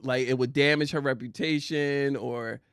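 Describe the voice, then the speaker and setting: A man's voice: medium pitch, fairly even intonation, moderate pace, fairly bright tone, clean tone, dry recording, clean studio sound. A man co-hosting a casual chat show, teasing his partner and laughing often. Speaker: podcast co-host.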